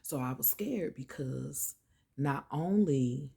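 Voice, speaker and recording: A middle-aged woman, casually telling a personal story to her viewers, chatty and animated, calling them y'all and child. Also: very deep voice, takes it slowly, gravelly, slightly rough. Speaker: vlogger.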